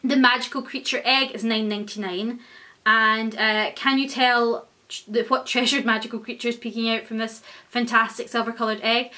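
Young woman, bright ringing tone, gushing, casual unboxing vlog. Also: a little high. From Scotland. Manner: gushing, excitable, many exclamations. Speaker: vlogger.

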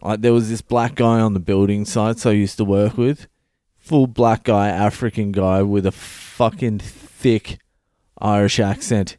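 A man's voice: on the low side, steady tone, unhurried, mellow, no room sound, studio quality. Profane man, blunt comic storyteller. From Australia. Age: 30s. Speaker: comedian podcast host. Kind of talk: comedic monologue.

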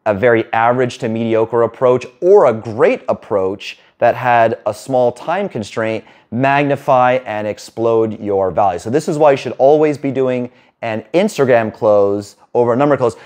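Fast-talking man coaching on dating. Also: medium pitch, a little mellow. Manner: rapid, rambling, casual with profanity. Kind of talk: fast-talking monologue to camera.

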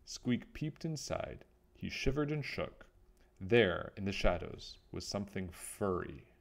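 Slow, low-voiced man reading a story. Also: gravelly. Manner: expressive, unhurried storytelling. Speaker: children's story reader. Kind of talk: reading a picture book aloud.

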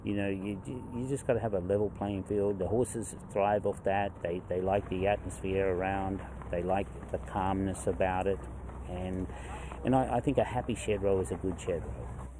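An Australian man, a horse trainer, answering interview questions in a relaxed, easygoing way, restarting his words as he goes. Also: deep voice, normal speed, background noise.

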